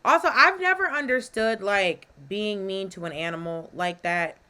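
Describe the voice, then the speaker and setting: A woman's voice: medium pitch, moderate pace, pushed and bright, clear, resonant tone. A woman co-hosting a podcast in casual chat, telling stories with playful asides. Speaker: podcast co-host. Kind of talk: casual chat recapping a drama.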